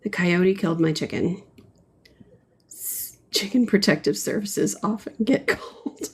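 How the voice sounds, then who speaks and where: A woman's voice: lowish voice, measured pace, husky. A woman chatting playfully with her viewers, answering their comments as she paints on a livestream. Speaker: livestream host. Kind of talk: casual chat while painting live.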